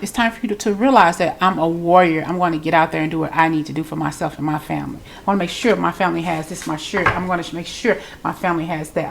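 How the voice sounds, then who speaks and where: A woman's voice: on the low side, creaky. A woman with a congested voice, giving a chatty, loose spiritual reading straight to her viewers. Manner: chatty, loose, repeats herself. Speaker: tarot reader.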